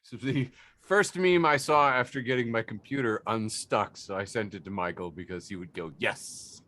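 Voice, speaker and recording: Bright-toned man describing memes. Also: medium pitch, moderate pace. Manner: relaxed, many uh fillers while describing images. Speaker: podcast co-host. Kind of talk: casual chat reading memes.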